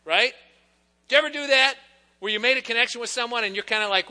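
A man's voice: very high-pitched, expressive, quick pace, pushed and bright. A man preaching a sermon to his congregation, talking in a conversational way with teasing asides. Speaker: pastor. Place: church sanctuary. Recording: long church reverb.

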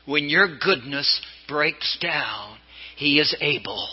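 Older bishop preaching, lively storyteller. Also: male voice, slow, breathy edge, highs cut off. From California. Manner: storytelling preacher, swinging pitch for emphasis. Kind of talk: sermon. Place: church.

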